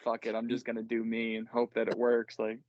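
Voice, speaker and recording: A man's voice: mid-range voice, completely flat delivery, brisk, dry recording, lo-fi sound. A man hosting a casual podcast chat, rambling and self-deprecating, laughing easily. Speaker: podcast host.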